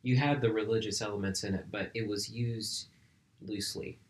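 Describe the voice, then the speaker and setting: A man with a lowish voice talks through a film's themes at a measured, thoughtful pace. His tone is calm and considered, as if he is building an academic point in casual conversation. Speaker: podcast co-host. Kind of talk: casual film discussion.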